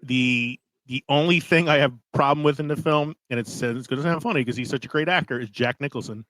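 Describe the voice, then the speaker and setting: A man hosting a podcast in casual chat, animated and laughing often. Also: medium pitch, brisk, no room sound, low-quality recording. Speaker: podcast host.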